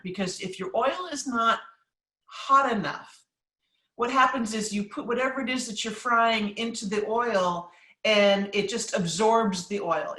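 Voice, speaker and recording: A bright, forceful-sounding woman chef from New England talks through recipes and audience questions, chatty and emphatic with plenty of ums. She sits a little back from the mic, and her voice carries a roomy echo. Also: mid-range voice, recorded from a distance. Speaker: chef and cookbook author. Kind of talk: live cooking class Q&A, casual.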